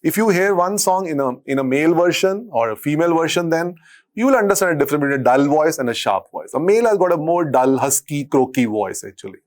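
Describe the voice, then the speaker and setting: A male medical lecturer with an Indian accent and a husky, deep voice, dictating notes and repeating phrases as he teaches. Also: lively intonation, fast. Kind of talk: classroom lecture.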